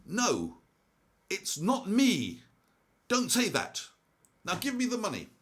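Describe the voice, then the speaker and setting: Brief: man putting on a loud, high, Caymanian-accented masked bank robber, frantic and denying. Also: huge pitch swings, slow pace, exaggerated voice. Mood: shouting. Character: masked male bank robber shouting demands.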